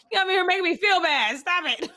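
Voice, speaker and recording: A young woman co-hosting a casual podcast, with a bright, forceful tone. She talks openly and emotionally, laughing often and owning up to how easily she tears up. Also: very high-pitched. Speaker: podcast co-host. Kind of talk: casual chat.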